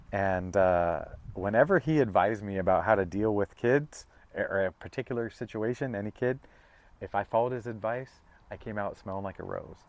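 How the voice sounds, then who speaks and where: A middle-aged man giving a casual, heartfelt tarot reading that wanders through stories, with many stops and restarts. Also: on the low side. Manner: rambling, emotional, with many restarts and self-interruptions. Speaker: tarot reader.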